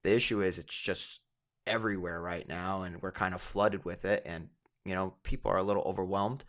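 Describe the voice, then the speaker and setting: A man, a fighter and co-host, chatting casually about fight betting in a relaxed way, thinking aloud with many asides. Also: sits low, a little fast. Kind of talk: casual sports betting chat.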